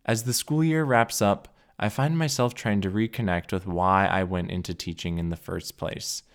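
A young man with a very low voice talks through a solo podcast episode. His delivery is earnest, heartfelt and measured. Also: fairly even intonation. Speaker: podcast host. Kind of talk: reflective solo podcast monologue.

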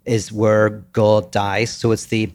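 A man's voice: fairly low pitch, little pitch movement, takes it slowly, a little mellow. A man with a Northern Irish accent, co-hosting a podcast and explaining ideas in casual, thoughtful talk, often restarting his sentences. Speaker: podcast co-host. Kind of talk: casual philosophical chat.

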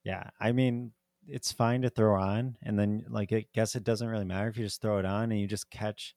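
A man with a lowish, darkish voice speaks steadily at normal speed as he co-hosts a podcast about a movie. The chat is casual and rambling, thick with "like" and laughter, and the studio sound is clean with no room sound.

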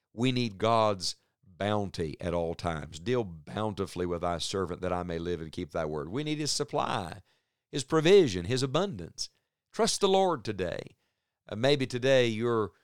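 A man preaches a Bible study sermon in a low, smooth, resonant voice. He talks earnestly and at a measured pace, drawing out the words he wants to stress. The recording is dry and close, with no room sound. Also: no echo.

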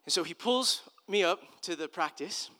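A man's voice: high-pitched, lively intonation, moderate pace, bright, forceful tone. A man, a pastor, giving a conversational sermon, telling personal stories in an earnest, loose way with restarts.

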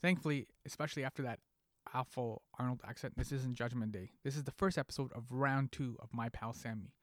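A man with a mid-range voice hosts a podcast, reading a scripted monologue briskly in a playful, jokey manner full of pop-culture asides. The studio-quality recording has no room sound.

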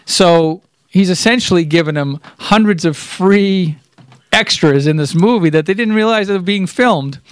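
A man co-hosting a podcast, telling stories in a relaxed, casual way. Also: high-pitched, moderate pace, smooth, dry recording. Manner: storytelling, relaxed anecdotes. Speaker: podcast co-host. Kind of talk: casual chat.

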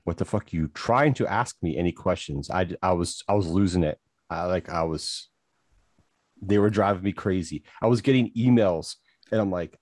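A man's voice: deep voice, normal speed, darkish tone, no echo. A man co-hosting a podcast, ranting with profanity and exasperation in casual chat. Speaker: podcast co-host.

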